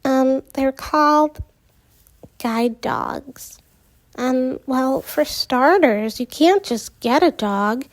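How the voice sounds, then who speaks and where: A woman voicing Natalie, a calm, newly blind teenage girl who explains things in a measured way in a storybook reading. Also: sits high, dry recording. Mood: patient.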